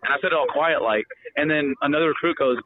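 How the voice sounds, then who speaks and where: A man's voice: on the high side, fast, a little hiss or hum. Young man telling stories over a tinny line. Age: young adult. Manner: animated, swearing, acts out quotes loudly. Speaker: guest storyteller. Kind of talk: casual storytelling. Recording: tinny phone-line audio.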